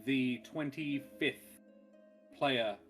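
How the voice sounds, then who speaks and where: Guy rambling and joking before a tabletop game, mid-pitch voice, faint music behind. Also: extremely slow, a bit bright. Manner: jokey, rambling, laughs often. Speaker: player. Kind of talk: casual pre-game chat.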